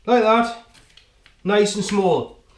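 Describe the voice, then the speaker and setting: A man with a high-pitched voice draws out his words while hosting a home cooking show, chatting and joking with the viewer as he demonstrates chopping in his kitchen. He talks straight to the camera, tossing in "right?" again and again. The kitchen sounds echoey, with faint background noise.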